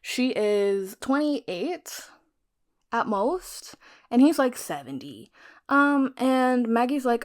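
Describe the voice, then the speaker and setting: A woman's voice: on the high side, big pitch swings, slow. A young woman vlogger casually recapping a thriller novel, chatty and frank, cursing freely. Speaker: book vlogger. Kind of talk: casual chat retelling a novel.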